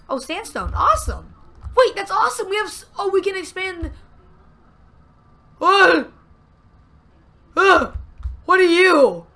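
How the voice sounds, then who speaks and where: A young woman giving excitable commentary over her own gameplay, often exclaiming and gasping. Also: high-pitched, vocal fry, a little hiss or hum. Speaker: gameplay video host.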